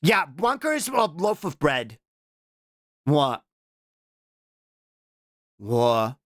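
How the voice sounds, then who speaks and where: Young adult streamer, casual reaction chat, pitch leaping all over, dry close sound. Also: drawn-out words, dry recording. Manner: animated, breaks into playful shouts and squeals; keeps repeating a questioning "what?" between remarks. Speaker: VTuber streamer.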